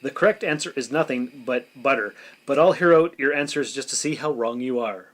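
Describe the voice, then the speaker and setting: A man's voice: medium pitch, brisk. A man hosting a casual podcast, joking with guests and running through a scripted sign-off. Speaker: podcast host.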